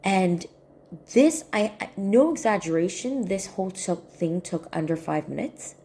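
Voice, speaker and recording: A woman telling a personal story to camera in an earnest, soft-spoken way, often repeating her points. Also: mid-range voice, lively intonation, measured pace. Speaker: healing coach.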